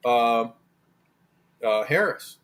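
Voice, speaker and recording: A man's voice: mid-range voice, animated, extremely slow, fairly bright tone. A man on a talk-show panel, indignant and argumentative as he rambles through his point. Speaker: regular panelist. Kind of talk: casual talk show banter.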